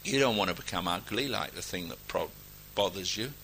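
Bright-voiced, lively man preaching a sermon. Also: low-pitched, gravelly, slight background noise, poor audio. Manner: emphatic, exhorting, swings between loud declarations and quiet asides; reads scripture aloud in a ringing, measured cadence.

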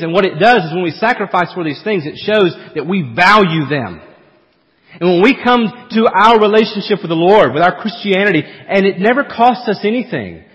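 Male pastor, sermon, fairly high voice, dull sound, long hall reverb, emphatic then hushed. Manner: rising to emphatic peaks, then dropping to quiet asides.

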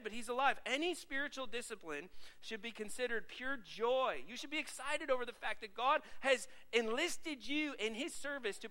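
A man delivers a sermon in a high voice, speaking to his congregation in a loose, conversational way. His tone is bright and forceful as he asks rhetorical questions. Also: rough recording. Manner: lively conversational preaching with audience questions. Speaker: pastor.

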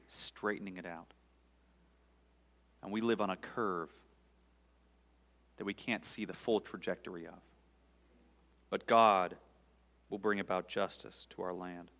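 A man preaching a sermon as pastor, swelling to loud fervent peaks and sinking to near-whispers. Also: deep voice, big-room sound.

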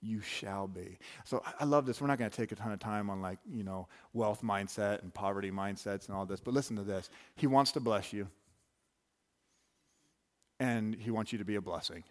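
A man preaching a sermon in a loose, conversational way, full of asides and restarts. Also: fairly low pitch. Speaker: pastor.

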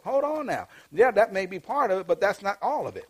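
A man's voice: sits high, big pitch swings, quick pace, hardly any pauses. A man preaching a sermon to a congregation, calling out lines for them to repeat and building to emphatic bursts. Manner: preaching with call-and-response, rising to emphatic bursts. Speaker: pastor.

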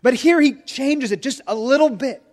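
A man preaching a sermon as pastor, swinging from loud emphatic lines to hushed quiet ones. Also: very high voice, normal speed, in a large hall.

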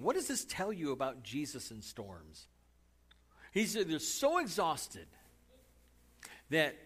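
Expressive male preacher, slightly high voice. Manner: dramatic delivery, from hushed asides to raised emphasis. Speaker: pastor. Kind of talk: sermon.

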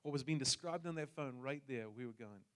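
A man's voice: mid-range voice, fairly quick, a bit bright. A man from New Zealand with a New Zealand accent, telling a personal story in a sermon with jokes for the congregation. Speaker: pastor.

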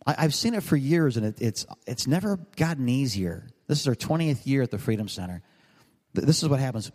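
Preaching pastor in a reverberant hall. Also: male voice, mid-range voice, expressive, fairly quick, darkish tone. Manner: conversational, joking, rambling preaching with asides to the congregation. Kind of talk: sermon. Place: large church hall.

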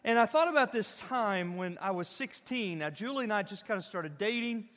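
A man from Southern Illinois, a pastor telling a folksy, animated story in a sermon. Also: high-pitched, normal speed. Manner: folksy, animated, addresses the audience directly. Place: church sanctuary. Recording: reverberant church hall.

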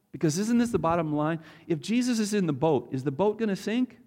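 A man's voice: high-pitched, animated, fairly quick, hardly any pauses, mellow. A man preaching a casual, conversational Bible teaching, asking his audience questions as he goes.

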